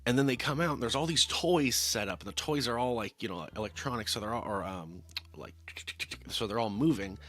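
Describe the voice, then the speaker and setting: A man's voice: mid-range voice, a little fast, a bit bright. A man casually reviewing a film on camera, wry and rambling with many restarts. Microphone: talking-head camera mic.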